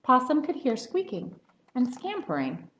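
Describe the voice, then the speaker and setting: A woman librarian reading picture books aloud at story time, gentle and expressive, cheerful and encouraging with young children. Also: sits high, measured pace, reverberant, a little hiss or hum.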